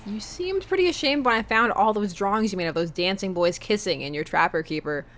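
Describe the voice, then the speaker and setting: A snarky teenage girl ribs her dad in a dating game, as a woman reads her lines aloud. The voice sits at a middling pitch and stays dry and mocking. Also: lively intonation, brisk, a bit bright, natural voice. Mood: teasing. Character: sarcastic teenage daughter, fond of teasing.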